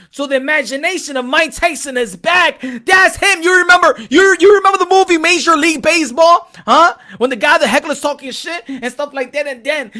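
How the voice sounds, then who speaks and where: A man from Texas hosting a casual boxing opinion vlog, talking in an animated, repetitive, profane way. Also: sits high. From Texas, USA. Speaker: boxing commentator and host.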